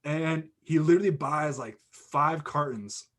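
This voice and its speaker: Young guy, podcast guest, rambling animated storyteller who keeps saying "like" and restarting sentences. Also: a little high, a little slow. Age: young adult. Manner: animated anecdote with lots of "like" and restarts. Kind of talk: casual storytelling.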